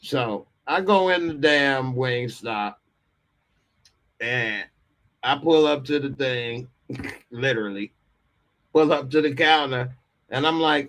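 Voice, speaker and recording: A man's voice: mid-range voice, slow pace, pauses often, fairly bright tone. A man hosting a live call-in podcast, telling a comic story with frequent laughter and acted-out voices. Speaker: podcast host.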